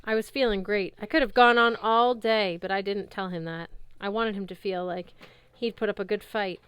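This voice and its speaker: A woman reads a chapter of a novel aloud in a lively first-person voice. Her tone is clear and smooth, recorded close with a dry, roomless sound. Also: medium pitch, moderate pace, no room sound, lo-fi sound. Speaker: reader.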